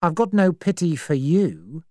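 A woman narrator voicing a cold, dangerous man who speaks slowly and menacingly, in a story reading. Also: sits low, expressive, mellow, no room sound, studio quality, voice pushed up. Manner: slow, dangerous.

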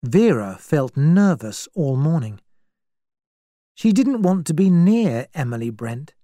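A man reading a story aloud in a clear, measured way. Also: on the high side, warm tone, no room sound, studio quality. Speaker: narrator. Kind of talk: scripted storybook narration.

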